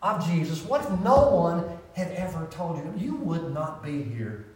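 Animated preacher with a roomy, distant echo. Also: male voice, on the high side, unhurried. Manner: animated, conversational preaching with rhetorical questions. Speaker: pastor. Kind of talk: sermon. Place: church sanctuary.

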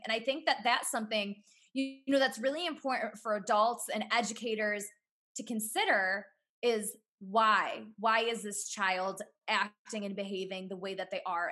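A woman and former teacher, a podcast guest talking in an earnest, casual way, often saying "you know" and laughing softly. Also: fairly high pitch. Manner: earnest, talks through ideas with frequent "you know" and soft laughs.

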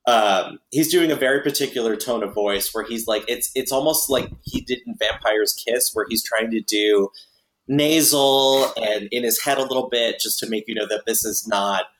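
A man's voice: mid-range voice, normal speed, fairly bright tone, reverberant, rough recording. A man hosting a podcast, chatting casually and wryly about a movie with lots of fillers. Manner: chatty, wry, many fillers. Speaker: podcast host.

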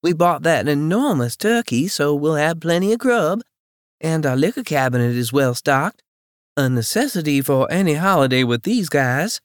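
A man's voice: fairly high pitch, very animated, normal speed, smooth, dry recording, clean studio sound, voice pushed up. A man voicing a friendly, teasing young woman who gossips bluntly and freely. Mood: chatty.

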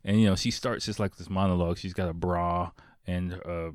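Young man, very deep voice, casual profane rambling, dry close sound. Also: steady tone, fairly quick, no echo. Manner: rambling, profane, lots of fillers and restarts. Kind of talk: casual movie recap.

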